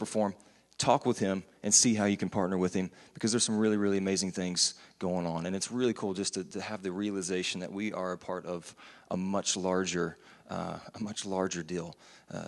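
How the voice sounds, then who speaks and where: A man's voice: low voice, vocal fry. A man preaching a sermon in a church, earnest and conversational with frequent restarts. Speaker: pastor. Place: church sanctuary. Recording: long church hall reverb.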